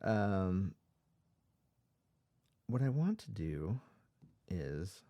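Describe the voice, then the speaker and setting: Male host, tired, rambling and casual, low voice with a lively, swinging delivery. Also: very slow. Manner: rambling, many ums and restarts. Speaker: radio podcast host.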